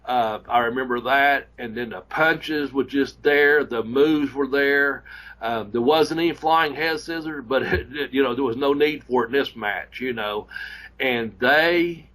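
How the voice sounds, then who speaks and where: A man tells a story in a loose, rambling, profanity-laced way, piling up restarts and asides as he goes. His voice sits at an ordinary middle pitch for a man, and he acts out the people in his story as he talks. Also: a little slow, fairly bright tone, poor audio. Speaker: podcast host and former wrestler. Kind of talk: casual storytelling chat.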